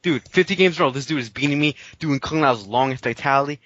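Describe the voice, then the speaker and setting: A man's voice: mid-range voice, fast talker, fairly bright tone, no room sound. A man on a casual podcast, arguing his points emphatically and swearing freely. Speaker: podcast guest, fighting game player. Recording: dull lo-fi dry recording.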